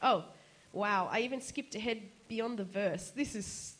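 A woman giving a casual, chatty sermon, animated and laughing often, her voice jumping up for quoted asides. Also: mid-range voice, unhurried. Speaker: preacher.

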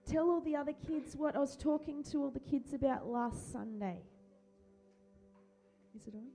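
Woman pastor, high warm voice, gentle, encouraging, repetitive phrasing, handheld mic in a church. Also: moderate pace, faint music behind. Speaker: pastor leading a church service. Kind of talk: worship prayer and children's talk. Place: church hall. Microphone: handheld microphone.

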